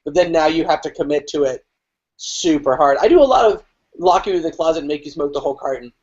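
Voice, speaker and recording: A man who teaches improv, chatting animatedly with quick, profane asides. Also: fairly high pitch, a little mellow. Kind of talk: casual panel chat. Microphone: video call. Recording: lo-fi video call audio.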